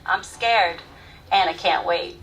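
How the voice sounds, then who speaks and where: An actress performing a live stage monologue as a grown woman candidly recalling her first love, sometimes soft, sometimes loud. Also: fairly low pitch, slow pace. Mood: frank recalling. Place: theater stage, live audience. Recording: distant stage mic, faint room noise.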